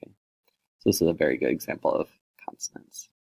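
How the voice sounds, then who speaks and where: A man with a very low voice and a gravelly fry explains poetry in a recorded lesson. He reads the poems aloud, then breaks down their sounds line by line, pausing often with fillers. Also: steady tone, a little mellow. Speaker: teacher.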